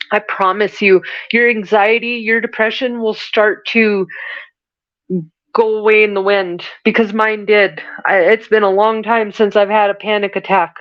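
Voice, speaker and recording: A woman delivers a spiritual reading to her listeners in an earnest, preachy way, often circling back and restarting her sentences. Her voice sits at an ordinary middle pitch. The sound is dry and a little muffled. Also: little pitch movement, moderate pace, dry recording. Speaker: spiritual reader and podcast host. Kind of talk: channeled spiritual message monologue.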